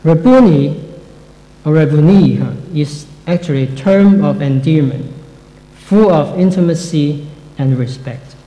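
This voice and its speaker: Slow, mellow man teaching the Bible. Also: a little high. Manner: slow, measured and reflective. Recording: echoey room with long reverb.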